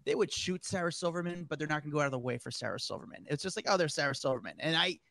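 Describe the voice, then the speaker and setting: A male podcast co-host who worked as a paparazzo tells stories with animated energy and keeps breaking into laughter. His voice sits slightly high and the sound is dry and close. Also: racing, gravelly, dry recording. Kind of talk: casual podcast storytelling.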